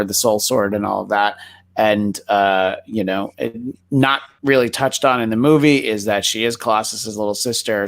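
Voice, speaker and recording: A man's voice: lowish voice, vocal fry, no echo. A man hosting a podcast, chatting casually about movies and often stumbling over his words in restarts. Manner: hesitant, many restarts and fillers. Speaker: podcast host.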